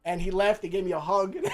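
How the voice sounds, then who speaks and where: A middle-aged streamer host from Jersey City, USA, with a New Jersey accent and a high-sitting voice tells a profane story in casual chat. He stammers and restarts a lot, over a noisy background.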